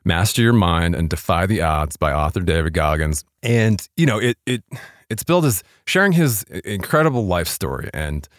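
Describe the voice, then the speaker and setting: A man's voice: deep voice, big pitch swings, normal speed, no room sound, studio quality. A man hosting a podcast interview, talking casually with lots of fillers and restarts. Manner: rambling, self-deprecating, many fillers and restarts. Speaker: podcast host. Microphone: studio podcast mic.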